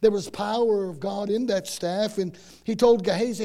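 A man preaching a sermon, retelling a story with dramatic swings from loud to hushed and frequent repeated words. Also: high voice, steady tone, normal speed, few pauses.

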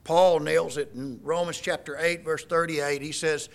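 A man's voice: fairly high pitch, fairly even intonation, unhurried. A middle-aged man preaching a sermon, quoting scripture in an emphatic, folksy way. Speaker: pastor.

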